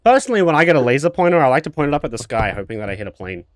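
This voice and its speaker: Man, streamer, casual game commentary, joking, cocky, swears, lively pitch, dry sound. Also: rapid-fire, dry recording.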